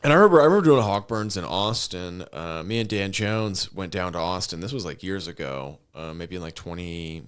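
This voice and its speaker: Male comedian guest, deep voice, casual and halting, lots of filler. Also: expressive, smooth. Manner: hesitant, full of ums, trailing off. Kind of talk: casual podcast chat.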